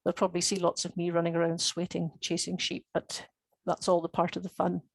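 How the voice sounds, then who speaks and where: Low, flat-voiced woman presenting. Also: brisk, gravelly, no echo. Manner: earnest, hesitant with many restarts. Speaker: crofter presenting her project. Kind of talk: spoken presentation on a video call.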